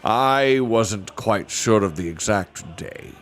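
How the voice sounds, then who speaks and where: A man voicing a mild, sleepy old male magician who talks in a gentle, chuckling, rambling way. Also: on the low side, animated, slow pace, voice pushed up. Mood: genial.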